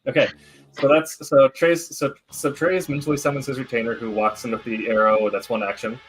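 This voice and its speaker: A man's voice: mid-range voice, flat delivery, a little fast, husky, soft background music, rough recording. A man running a tabletop role-playing game as game master, narrating and explaining the rules.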